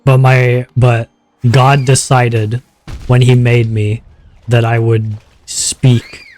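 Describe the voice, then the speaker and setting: A man chats slowly and loosely while he plays, his voice at an ordinary middle pitch and a little sore in the throat. He rambles and second-guesses himself, easygoing and unhurried. Faint music plays underneath. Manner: rambling, self-conscious, talking in a relaxed low voice. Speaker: streamer. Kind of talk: casual gameplay chat.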